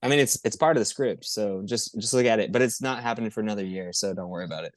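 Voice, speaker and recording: A man co-hosting a podcast, chatting casually about football in an excitable, profane, rambling way. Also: lowish voice, rapid-fire, dry recording, clean studio sound. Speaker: podcast co-host. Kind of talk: casual sports chat.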